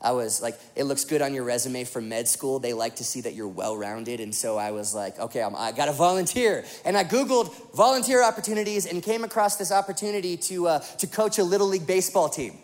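Young male pastor, high voice, lively rambling storyteller delivering a sermon. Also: fairly quick, few pauses. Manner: animated storytelling with many fillers.

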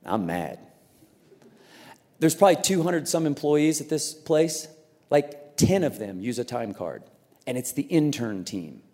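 A man preaching a sermon as a pastor, telling a story in an animated way and acting out the voices in it. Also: on the high side, normal speed, in a large hall. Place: large church auditorium.

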